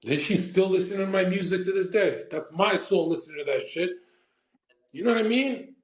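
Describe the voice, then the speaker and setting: A man's voice: sits high, fairly quick, echoey room. A man in his twenties ranting crudely in casual chat as a streamer, acting out quoted voices. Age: 20s.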